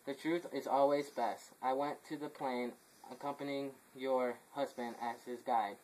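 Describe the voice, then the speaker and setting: A man plays a messenger who bears grim news, in the plain voice of an amateur reading. He stumbles over the words and restarts lines. His pitch is mid-range, and a faint ambient hiss sits under the voice. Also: steady tone, unhurried, darkish tone, natural voice, poor audio. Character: messenger reporting deaths to the royal house. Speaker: actor in an amateur play.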